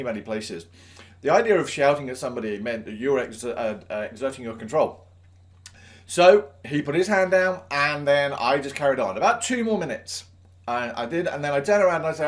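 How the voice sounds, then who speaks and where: A man's voice: fairly high pitch, very animated, brisk. A man, a teacher, telling a self-mocking anecdote from his teaching life. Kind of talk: storytelling anecdote.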